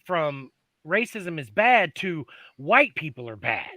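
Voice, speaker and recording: A quiet, self-deprecating man joins a casual online panel. His voice is sharp and very bright, and his pitch moves a lot. The sound is close and dry. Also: very animated, takes it slowly, no room sound. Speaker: caller joining the panel.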